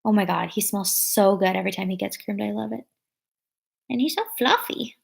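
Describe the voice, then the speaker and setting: This livestream vlogger, a young woman in her twenties, has a gravelly, medium-pitched voice with a breathy edge and speaks at normal speed. She chats casually with her viewers, full of fillers, and reads out what they type in the chat.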